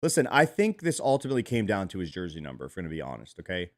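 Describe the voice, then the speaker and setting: A man's voice: deep voice, huge pitch swings, racing. A man hosting a sports podcast, teasing his co-hosts in casual banter and steering the talk. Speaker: podcast host.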